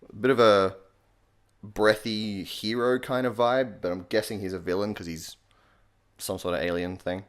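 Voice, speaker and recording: Sarcastic young man with a low voice. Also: moderate pace. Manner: sarcastic, deadpan, swears casually. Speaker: comedy YouTuber. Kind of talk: casual comedic tutorial.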